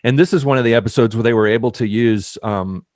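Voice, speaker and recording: A man's voice: medium pitch, quick pace, a little mellow, no echo, clean studio sound. A man co-hosting a review podcast, explaining details and thinking aloud. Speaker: podcast co-host. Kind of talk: casual review chat.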